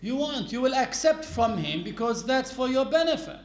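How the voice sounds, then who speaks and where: A man with a high, light voice gives a religious lesson. He explains patiently, walking through example after example. The sound rings in a roomy, echoing space. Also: sing-song, normal speed. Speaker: religious teacher. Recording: echoey room.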